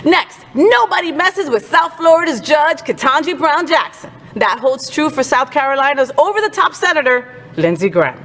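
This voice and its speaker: A woman's voice: high voice, animated, normal speed, hardly any pauses, fairly bright tone, big-room sound. A woman hosting a casual entertainment news chat, sassy and outspoken. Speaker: host.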